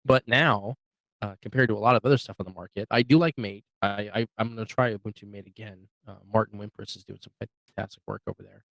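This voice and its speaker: A man with a fairly low voice co-hosts a casual tech podcast, rambling through his points with plenty of fillers and restarts. He sounds easygoing and chatty. The recording is close and dry. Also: fairly even intonation, quick pace, fairly bright tone, no echo, rough recording. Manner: rambling, hesitant, many restarts and fillers, laughs easily. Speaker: podcast co-host.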